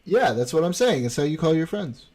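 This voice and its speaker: A man's voice: fairly high pitch, big pitch swings, darkish tone. A man with an Argentine accent from Buenos Aires, hosting a livestream and chatting in casual, joking banter. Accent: Argentine Spanish (Buenos Aires). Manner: slow, joking, mock-indignant banter. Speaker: livestream host. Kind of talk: casual chat with a co-host.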